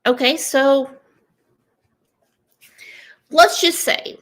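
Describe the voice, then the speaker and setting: A woman's voice: high-pitched, very slow, fairly bright tone. A woman giving casual true crime commentary, emphatic and stopping often to ask "okay?". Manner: emphatic, repeats "okay?" for stress.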